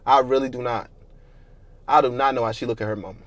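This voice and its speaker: A man's voice: medium pitch, steady tone, fast, no echo. A young man telling a painful childhood story to his viewers in a casual, slangy, candid way, swearing often and growing heated. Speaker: storyteller vlogger.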